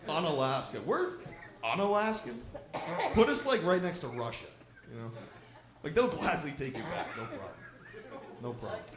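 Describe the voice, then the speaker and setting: A man's voice: big pitch swings, normal speed, long pauses. A man doing a stand-up set on stage with a handheld mic, brash and crowd-teasing, swearing freely. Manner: brash, crowd-teasing, swearing, puts on drunk and squeaky voices. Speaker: stand-up comedian. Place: lodge venue with live audience. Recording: roomy live venue with crowd. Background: audience laughing.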